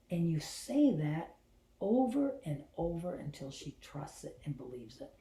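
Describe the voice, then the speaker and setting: A middle-aged woman hosting a spiritual talk, telling a personal story in an animated way and dropping into hushed whispers for her inner thoughts. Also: low-pitched, unhurried. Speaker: host and spiritual channeler. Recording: roomy echo.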